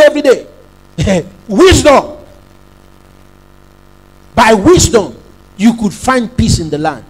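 A man's voice: high voice, big pitch swings, slow pace, pauses often, slightly rough, poor audio. A man preaching a sermon as pastor, emphatic, repeating phrases and prompting the congregation to say lines back.

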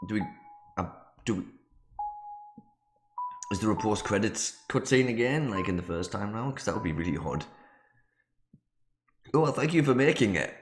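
A man's voice: lowish voice, lively intonation, brisk, long pauses. A man hosting a let's play, reacting aloud to a game in an unsettled, joking way. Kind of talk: gaming commentary. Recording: echoey room with game music. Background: game music.

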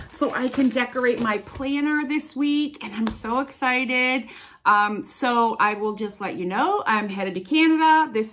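Woman in her fifties, vlogger, gushing and chatty, slightly high voice, stuffy sinuses, faint noise behind. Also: a bit bright. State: sinus trouble. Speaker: vlogger opening viewer mail. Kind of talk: casual chat.

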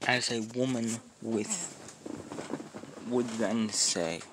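A man casually narrating a homemade fan story, rambling off on tangents with halting restarts. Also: mid-range voice, very noisy.

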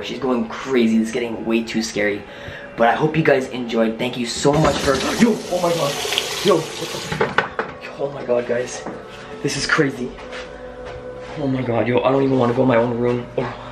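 A man's voice: medium pitch, fairly even intonation, brisk. A young man vlogging to his viewers, panicky and exclaiming often. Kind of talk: casual scared vlog. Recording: music playing underneath.

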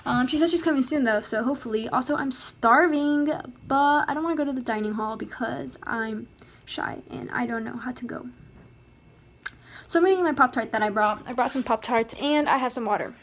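A young woman with a high, girlish voice chats to her handheld phone camera. She talks in a bubbly, rambling vlog style full of "like" and "literally." A faint hum of surroundings sits behind her. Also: brisk. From Texas. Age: young adult. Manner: chatty, bubbly, lots of "like" and "literally". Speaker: vlogger. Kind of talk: casual vlog. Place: college campus and dorm room.

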